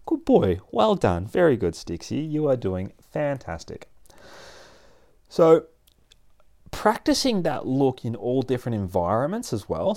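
A man explaining dog training in a casual, animated way, often laughing and acting out his dog. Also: lowish voice. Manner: animated, acts out dogs and people in playful voices, laughs often. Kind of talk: casual instructional talk.

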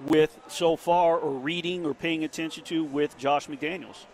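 Chatty, fairly high-voiced male host. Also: steady tone, measured pace, darkish tone. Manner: chatty, wordy storyteller. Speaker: radio host. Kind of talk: interview hosting.

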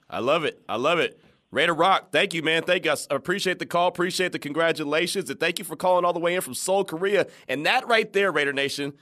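Male radio host, conversational storyteller, lively pitch, quotes people in their voices. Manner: animated, laughing, retells scenes in quoted voices. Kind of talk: casual radio talk and storytelling.

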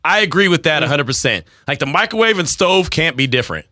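A man's voice: on the high side, big pitch swings, fast, sharp tone, no echo, clean studio sound. A man in his forties hosting a sports radio show, talking in teasing banter and laughing often. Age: 40s. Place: radio studio.

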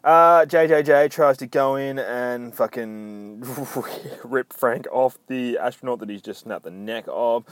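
A man's voice: medium pitch, steady tone, slow, smooth, no room sound. A man casually recapping a comic book aloud, rambling with profane, self-mocking asides.

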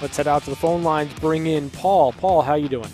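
A man hosting a call-in sports radio postgame show, upbeat and quick to greet callers. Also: on the high side, music in the background. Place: radio studio. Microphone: broadcast mic.

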